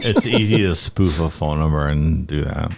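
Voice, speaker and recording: A man's voice: a bass voice, moderate pace, gravelly, a little mellow, slight background noise. A man co-hosting a podcast, blunt and emphatic, swearing freely in casual banter. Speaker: podcast co-host.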